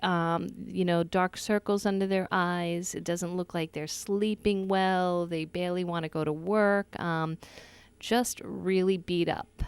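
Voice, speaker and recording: A woman's voice: lowish voice, clean tone, no echo. A woman with a New York accent hosting a radio talk show in a casual, upbeat, chatty way. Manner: chatty, upbeat, laughs easily.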